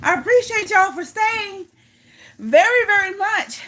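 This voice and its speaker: A woman's voice: very high voice, lively intonation, a little slow, bright, forceful tone. A young woman hosting a casual live chat, reading a silly story aloud and laughing through it. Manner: giggly, keeps breaking into laughter. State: out of breath. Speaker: livestream host.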